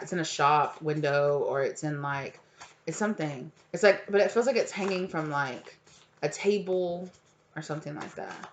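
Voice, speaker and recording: A woman's voice: deep voice, moderate pace. A woman giving a casual, rambling tarot reading at home, full of fillers and asides. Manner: rambling, filler-heavy, chatty. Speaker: tarot reader. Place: home with a cat.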